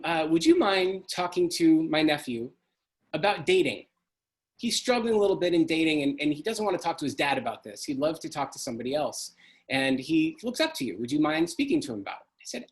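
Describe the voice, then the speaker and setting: A middle-aged man tells a personal story in an earnest, emotional way. His voice sits a little high for a man. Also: very animated, fairly quick. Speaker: speaker.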